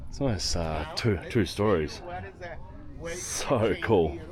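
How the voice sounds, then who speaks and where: Upbeat man, very deep voice. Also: lively intonation, takes it slowly, a crowd in the background. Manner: enthusiastic, exclaims often. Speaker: travel vlogger. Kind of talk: walking tour narration. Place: outdoor archaeological site with crowds.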